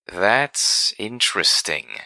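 A man's voice: on the low side, sing-song, slow, gravelly, bright, forceful tone, no echo, full character voice. A man voicing a refined female unicorn pony who speaks in a prim, arch, mannered way in a storybook reading.

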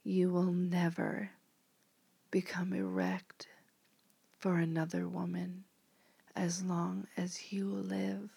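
A woman in a whispered role-play, speaking as a commanding mistress in a slow, hypnotic whisper. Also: fairly low pitch, little pitch movement, vocal fry, warm tone, slightly rough, dry recording.

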